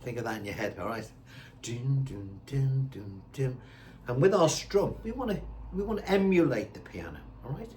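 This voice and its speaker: With a slightly high voice, huge pitch swings and a quick pace, this older guitar teacher chats through a beginner lesson over a noisy background. He counts the beats out loud as he strums his own acoustic guitar.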